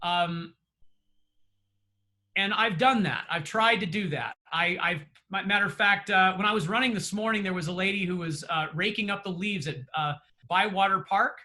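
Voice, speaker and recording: A man with a high, bright voice speaks over a video call as a trainer wrapping up a class. He is earnest and encouraging, and he often restarts his sentences and fills pauses with "uh" and "you know.". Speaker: real estate trainer. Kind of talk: motivational closing remarks.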